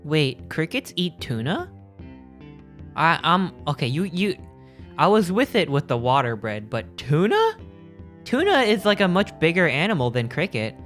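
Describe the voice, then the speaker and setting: A man's voice: fairly high pitch, wildly swooping pitch, a little slow, fairly bright tone, soft background music. A man streaming, chatting casually with his live chat in a rambling, joking way, often stopping mid-sentence to restart. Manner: rambling, jokey, self-interrupting.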